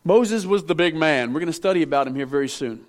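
Male preacher, high-pitched, animated, talks straight to the congregation. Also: fast. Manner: animated, acts out biblical figures, asks audience to respond. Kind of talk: sermon. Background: audience in room.

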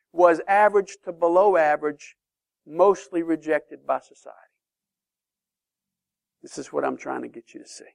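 A man teaching a sermon-style Bible lesson to a class, emphatic and lively, often checking in with questions. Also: high voice, creaky, clear, resonant tone, no echo, studio quality.

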